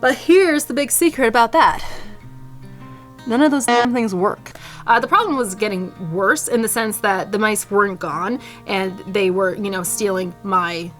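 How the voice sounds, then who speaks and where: A woman vlogger telling a comic story to camera in an animated, theatrical, playfully indignant way. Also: medium pitch, unhurried, music in the background.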